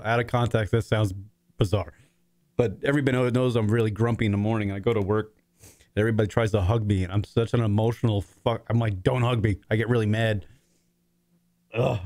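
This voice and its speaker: A man's voice: mid-range voice, a little mellow, no echo. Profane, emotional man rambling as host. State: emotional, voice cracking. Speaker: podcast host. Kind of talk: emotional casual monologue.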